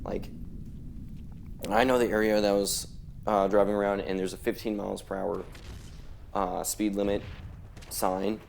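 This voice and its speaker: A man's voice: fairly low pitch, flat delivery, moderate pace, gravelly, long pauses, a little hiss or hum. A young man rambling casually in a laid-back way while commenting over gameplay. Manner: rambling, laid-back, heavy on filler words. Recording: loud gunfire from game audio behind voice.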